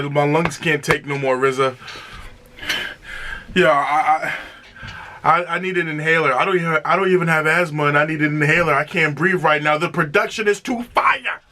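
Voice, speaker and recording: A man hosts a music reaction video, talking casually and excitedly, often repeating himself and bursting into exclamations. His voice is a little high, and there's noise in the background.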